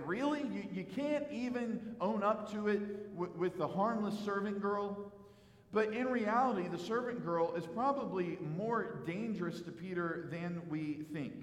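A man preaching an expository sermon as pastor, animated, acting out the quoted dialogue. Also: a little high. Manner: animated, acts out quoted dialogue, some repeated words. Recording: echoey hall with long reverb.

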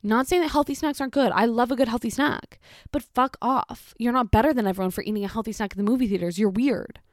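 A woman's voice: a little high, quick pace, dry recording, studio quality. A young woman ranting sarcastically as a commentary vlogger, swearing a lot and sounding exasperated as she reacts to posts. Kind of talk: profane reaction rant.

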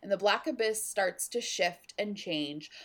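A woman's voice: medium pitch, unhurried. A woman co-hosting a podcast, retelling a book scene in casual chat and using "like" a lot. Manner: animated storyteller, uses "like" a lot. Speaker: podcast co-host.

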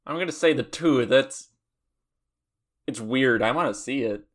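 A man's voice: mid-range voice, expressive, unhurried. Man musing through quiz answers. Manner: musing, hesitant, thinks aloud. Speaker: quiz guest. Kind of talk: casual podcast chat.

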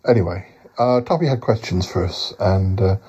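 A man's voice: deep voice, normal speed, warm tone, husky, highs cut off. A man hosting a comedic podcast review, rambling and hesitant with many fillers. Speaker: podcast host.

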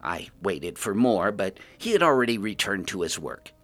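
Expressive male fantasy storyteller. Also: fairly low pitch, moderate pace. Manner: lively, expressive narration.

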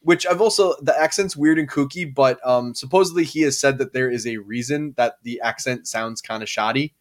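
A man co-hosting a podcast in relaxed conversation. His voice sits in the middle range, and he rambles, often stopping to restart his sentences. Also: medium pitch, a little fast. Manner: rambling, hesitant with many fillers and restarts. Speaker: podcast co-host. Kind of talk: casual chat.

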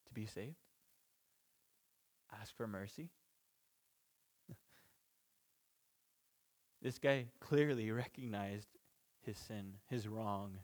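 A man teaching through a Bible passage in an informal, conversational way, chuckling between points and restarting sentences. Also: mid-range voice. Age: parent of children. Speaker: pastor.

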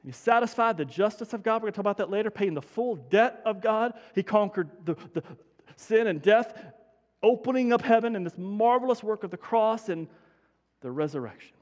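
High-voiced preacher in a big hall. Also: male voice, brisk. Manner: energetic, conversational preaching with emphatic repetition. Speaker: pastor. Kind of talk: sermon.

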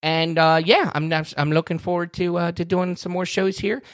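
A high-pitched man with a Baltimore accent, from Maryland, talks at a normal speed as he co-hosts a casual podcast. He's animated and joking, getting worked up, in a studio-quality recording without echo.

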